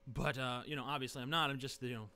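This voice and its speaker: A man's voice: mid-range voice, fairly even intonation, racing, pushed and bright, clear, resonant tone. A man vlogging from his living room into a webcam, sarcastic and profane, rambling with lots of fillers. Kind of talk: casual webcam rant.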